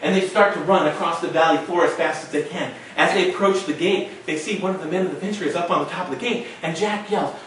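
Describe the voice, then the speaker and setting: A male storyteller performing a tale dramatically, with shouted sound effects. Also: a little high, quick pace, few pauses, slight background noise. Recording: echoey room, mic far off.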